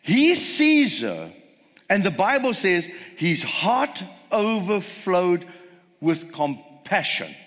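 A man's voice: high voice, huge pitch swings, takes it slowly, a bit bright. A man preaching a sermon, retelling a story and firing rhetorical questions at the congregation. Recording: long hall reverb.

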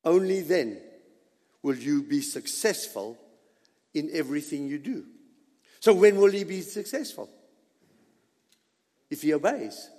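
A man's voice: sits high, in a large hall. A man preaching a sermon as pastor, emphatic and dramatic, dropping suddenly to near whispers.

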